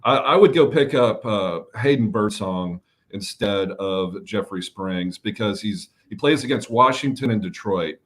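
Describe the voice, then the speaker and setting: A man's voice: lowish voice, measured pace, hardly any pauses. A man co-hosting a live fantasy baseball show, talking loosely with jokes, fillers and the odd swear word. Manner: loose and joking, fillers and restarts, mild swearing. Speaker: fantasy baseball podcast co-host. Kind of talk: casual live-stream chat.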